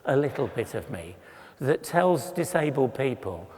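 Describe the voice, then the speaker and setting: A man's voice: mid-range voice, very animated, measured pace, a little mellow, long reverb tail. A man in his sixties from England giving a humorous, self-deprecating storytelling talk with slides, acting out voices in his anecdotes. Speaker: conference speaker.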